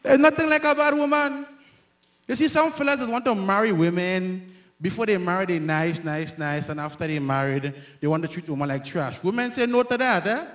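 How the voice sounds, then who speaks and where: A man from Grenada with a Grenadian accent, performing a loud, self-mocking stand-up comedy set on stage. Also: sits high, brisk. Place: live comedy stage before an audience.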